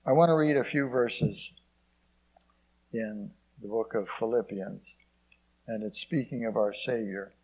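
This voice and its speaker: A man preaching a sermon. He reads scripture in old King James wording, asks the congregation "Amen?", and swings between emphatic peaks and quiet low passages. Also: a little slow, pauses often, slightly rough.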